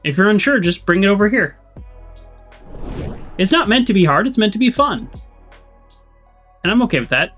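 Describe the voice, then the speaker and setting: A man's voice: high voice, sing-song, normal speed, long pauses, a bit bright, faint music behind. A man giving casual, chatty commentary while playing a game, laughing often. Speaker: gaming channel host. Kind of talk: casual let's-play commentary.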